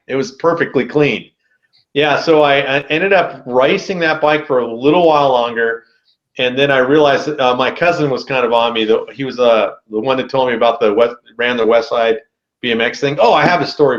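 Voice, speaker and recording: A man as a podcast guest telling a story in a casual, animated way, with a lot of slang. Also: medium pitch, fairly quick, reverberant, dull audio.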